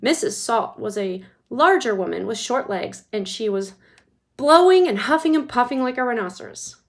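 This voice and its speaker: A woman reads a children's book aloud in an expressive storytelling manner. Her voice sits fairly high and she narrates at a steady, engaged pace. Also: moderate pace. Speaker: reader.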